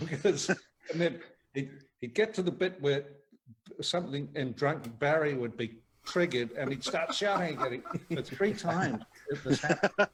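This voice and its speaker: A man's voice: fairly high pitch, expressive, moderate pace, low-quality recording. A man with a New Zealand accent, telling a rambling anecdote as a talk-show guest over a video call and laughing as he goes. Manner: rambling storyteller, laughs often, many restarts. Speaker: guest actor.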